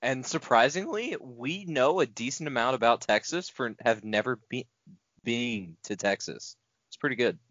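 Easygoing young man, lively voice. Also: medium pitch, normal speed, no room sound. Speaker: podcast co-host. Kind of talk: casual chat. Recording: dull lo-fi podcast audio, dry.

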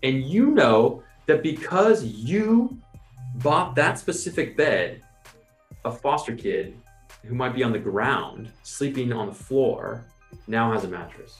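Animated man in a roomy space. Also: mid-range voice, slow pace. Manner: animated, persuasive, often adds "right?". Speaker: podcast co-host. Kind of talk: casual conversational explaining. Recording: roomy sound with faint music.

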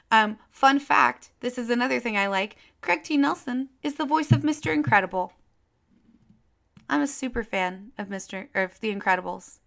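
A woman's voice: medium pitch, gravelly, fairly bright tone. A woman giving a casual, rambling movie review, full of restarts and fillers and openly emotional about the scenes.

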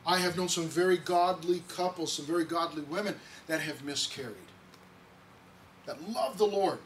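A man preaching as a pastor in a church, with an excitable, conversational delivery full of restarts and asides. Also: fairly high pitch, moderate pace. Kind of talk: sermon. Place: church sanctuary. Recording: distant mic, faint background noise.

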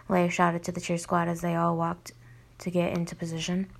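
A woman's voice: lowish voice, monotone, a little fast, creaky. A young woman reading her own story aloud, plainly, stumbling and restarting often.

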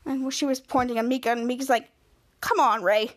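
A high-pitched woman hosting a casual podcast. She retells a TV episode with excitement and jumps into the characters' lines as she goes. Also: a little fast. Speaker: podcast host.

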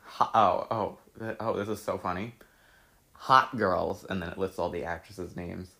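A young man's low, gravelly voice moves a little slowly through a casual chat. He reads his old social media posts out loud, reacting excitably with laughter and swearing.

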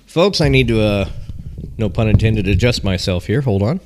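A man's voice: fairly low pitch, expressive, normal speed, darkish tone, faint music behind. A man co-hosting a casual podcast, joking and teasing his wife. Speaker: podcast co-host. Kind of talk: casual chat.

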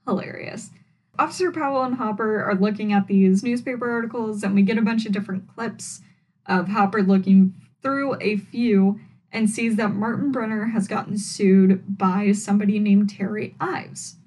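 A young woman hosting a casual solo podcast at home, recapping a TV episode in a chatty, animated way with wry asides. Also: mid-range voice, measured pace, poor audio. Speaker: podcast host reviewing a TV episode. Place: at home, indoors.

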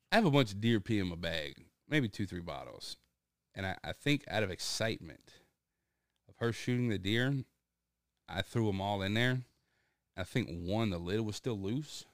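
A man in his thirties with a drawl tells a story, his voice swinging high and low as he acts out every quote. He laughs easily and keeps the tone loose and chatty. The sound is dry and close, with no room around it. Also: a little slow, pauses often, no echo. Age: 30s. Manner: animated storyteller, acts out quotes with big pitch jumps, laughs often. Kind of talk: casual storytelling chat.

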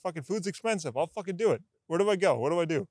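A man's voice: a little high, expressive, rapid-fire, darkish tone, no echo. A man co-hosting a casual podcast, talking in a profane, sarcastic rant. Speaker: podcast co-host. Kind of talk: casual chat.

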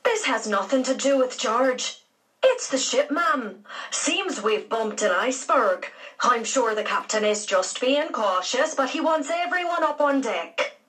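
A woman's voice: high voice, expressive, a little slow, fairly bright tone, distant mic, pitched above the performer's own voice, rough recording. A woman playing a polite, urgent ship steward. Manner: courteous, urgent.

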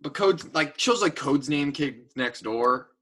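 A man's voice: fairly high pitch, lively intonation, a little slow, bright, forceful tone. A young man in casual group chat, chatty and opinionated.

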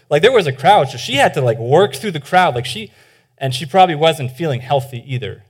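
A man preaching a sermon as pastor, earnest and conversational with many restarts, dropping to a hushed voice for appeals. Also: a little high, big pitch swings, a little fast, husky. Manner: drops to a soft, hushed voice for appeals.

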